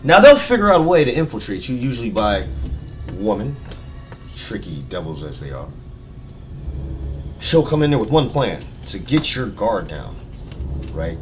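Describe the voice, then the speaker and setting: A man improvising a rambling, profane story on a live stream, jumping between low mutters and loud outbursts. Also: sing-song, moderate pace, slight background noise. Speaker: live streamer telling made-up stories. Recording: distant mic with music playing.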